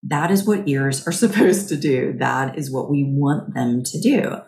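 Slow, low-voiced woman in an echoey room. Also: expressive. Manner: gentle, chatty, often asks "right?". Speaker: podcast host. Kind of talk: guided mindfulness talk.

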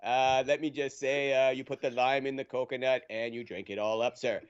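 A pompous hockey union boss, as a podcast host puts him on, holds a mock press conference. He rambles through hesitant fillers and never answers a question. The voice sits at an ordinary middle pitch, and the audio sounds dull and lo-fi. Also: fairly even intonation, moderate pace, smooth, natural voice. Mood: evasive. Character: pompous evasive male hockey union executive.

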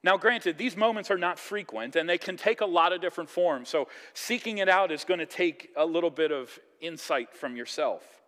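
Guy preaching a sermon, kinda high voice, chatty and animated, big hall echo. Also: moderate pace, few pauses. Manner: conversational, animated, acts out quoted voices. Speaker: pastor.

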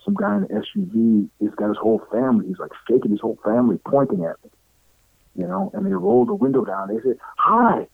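Middle-aged male guest, animated storyteller with a swinging pitch who acts out other people's lines, dry close sound. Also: fast, vocal fry, breathy edge, no echo. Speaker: interview guest. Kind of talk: casual storytelling. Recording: tinny phone-like line, dry.

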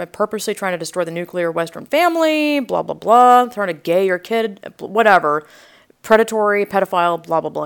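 A young woman podcast host telling a story in a rambling, animated way, full of asides and quoted reactions, with a sore throat. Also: lowish voice, clean tone. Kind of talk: casual storytelling.

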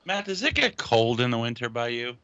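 A man's voice: mid-range voice, big pitch swings, a little fast. A man co-hosting a casual podcast who throws in wisecracks. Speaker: podcast co-host. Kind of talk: casual chat. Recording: dull lo-fi sound with faint noise.

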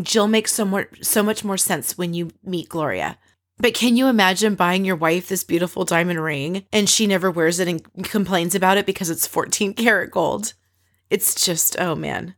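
A woman with a somewhat low-pitched voice talks through a TV episode scene by scene. Her delivery is casual and opinionated, full of quick asides. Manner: chatty, opinionated storytelling with asides. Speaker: recap podcast host. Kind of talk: casual recap chat.

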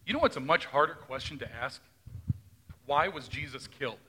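A man's voice: on the high side, lively intonation, normal speed, pushed and bright, husky. A male pastor giving a conversational sermon, often asking his congregation questions and retelling scripture in his own words.

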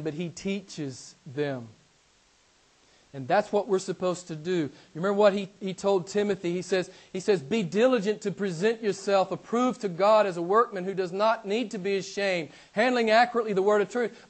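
A man preaching a sermon who repeats his key phrases, calls his listeners beloved and keeps putting questions to them, swinging between loud emphasis and quiet asides. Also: high voice, moderate pace. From United States. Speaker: pastor.

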